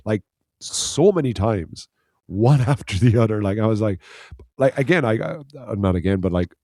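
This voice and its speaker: Man, from Ireland, podcast co-host, deep voice, rambling casual storytelling, swears, dry sound. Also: normal speed, a little mellow, no echo. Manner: rambling anecdote, swears freely, laughs while telling. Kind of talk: casual chat.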